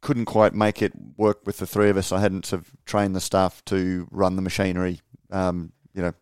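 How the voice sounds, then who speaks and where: Smooth-voiced man on a podcast. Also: sits low, monotone, normal speed, darkish tone, dry recording, clean studio sound. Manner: rambling, many ums and uhs, laughs easily. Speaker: founder and editor, podcast co-host. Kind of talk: casual podcast chat.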